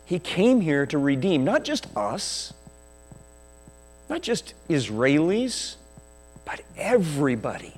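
A man preaching a sermon as a pastor, with slow, emphatic delivery. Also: fairly high pitch, sing-song. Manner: slow, emphatic preaching that drops to a quiet prayer. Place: church sanctuary. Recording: echoey church hall with mains hum.

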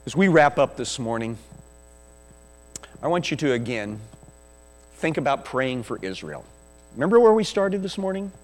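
A man preaching a sermon as a pastor, with slow, emphatic delivery. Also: medium pitch, big pitch swings. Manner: slow, emphatic preaching that drops to a quiet prayer. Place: church sanctuary. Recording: echoey church hall with mains hum.

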